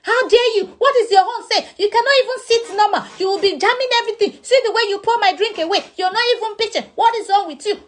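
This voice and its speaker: A woman with a Nigerian accent voicing a hot-tempered young female friend who scolds in rapid bursts. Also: expressive, bright, forceful tone, heavily acted. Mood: furious. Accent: Nigerian English. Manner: shrill, scolding, rapid-fire complaints.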